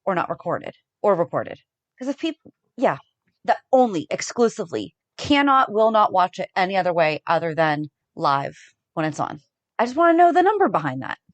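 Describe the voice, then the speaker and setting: A woman's voice: on the low side, sing-song, normal speed, no echo. A woman co-hosting a podcast in casual chat, bubbly and teasing as she runs a snack taste test. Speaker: podcast co-host.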